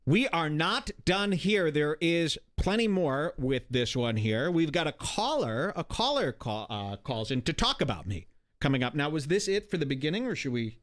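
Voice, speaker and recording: A man hosting a podcast, talking in an animated, exasperated, profane rant. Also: fairly high pitch, moderate pace. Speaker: podcast host. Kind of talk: casual ranting commentary.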